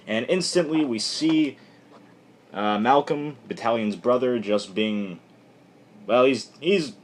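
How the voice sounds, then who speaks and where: A man casually recapping a comic book issue on camera in a rambling, irreverent, animated way. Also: medium pitch.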